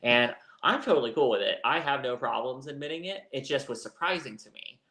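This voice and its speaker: A man's voice: mid-range voice, expressive, fairly quick, pushed and bright, echoey room. A man co-hosting a live chat show, telling a personal story in a candid, rambling way. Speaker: co-host. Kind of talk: casual chat.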